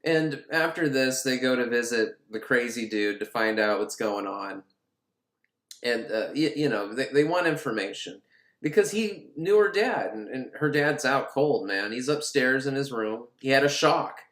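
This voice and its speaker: A man's voice: medium pitch, expressive, unhurried, fairly bright tone, reverberant. A man retelling a film in a casual, comedic way, joking and swearing and laughing often. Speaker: film podcast host.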